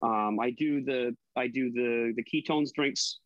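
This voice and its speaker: A man's voice: medium pitch, unhurried, dry recording, muffled recording. A man guesting on a casual podcast, talking about his online videos with fillers and swearing. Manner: chatty, profane, hesitant fillers. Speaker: guest, online cooking creator.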